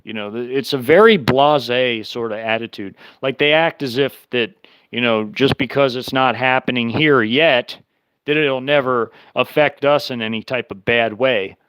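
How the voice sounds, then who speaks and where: A man's voice: medium pitch, normal speed, fairly bright tone, clean tone, no echo, poor audio. A man hosting his own show, talking through events in an emphatic, repetitive, indignant way. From United States. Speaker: show host. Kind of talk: casual commentary monologue.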